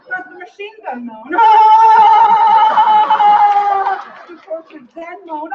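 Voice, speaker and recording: An actress playing a proud, playful, sensual woman in a stage monologue, with slow, savoring delivery, heard from a distance in a large theatre. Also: very high-pitched, background noise. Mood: ecstatic. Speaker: stage actor. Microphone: distant audience camera. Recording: echoey hall from far off, dull.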